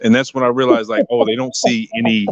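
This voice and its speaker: A man's voice: medium pitch, level tone, fast talker, no room sound. A man on a casual podcast, telling stories with emphasis and blunt profanity, sometimes acting out other people's voices. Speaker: podcast co-host. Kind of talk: casual podcast debate, storytelling. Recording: dull lo-fi sound.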